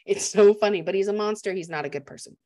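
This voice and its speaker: A woman casually discussing a film as a podcast co-host, chatty and animated. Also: medium pitch, quick pace. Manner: chatty and animated, laughs often.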